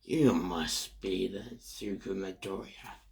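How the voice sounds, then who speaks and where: Man doing a low, unhurried, husky killer villain. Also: heavily acted. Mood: musing. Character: grim adult male hero-killer villain.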